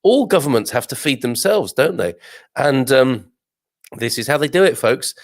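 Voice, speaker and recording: A man's voice: medium pitch, animated, moderate pace. A man from Birmingham, England, hosting a casual news chat for expats and reading out viewer comments with wry, exclamatory asides. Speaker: host of an expat news show.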